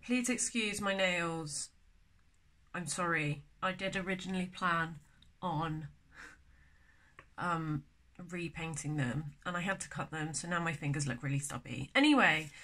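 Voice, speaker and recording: A young woman giving a casual video lesson on poetry, chatty and self-deprecating, thinking aloud and slowing down to sound out syllables. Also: on the low side, sharp tone. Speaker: poetry tutor.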